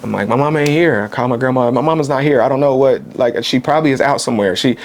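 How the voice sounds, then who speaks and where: A man from Kansas City, a podcast guest, speaking candidly and softly with frequent halting restarts in a casual conversation. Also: medium pitch. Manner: soft-spoken, candid, halting with many restarts. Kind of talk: casual chat, personal storytelling.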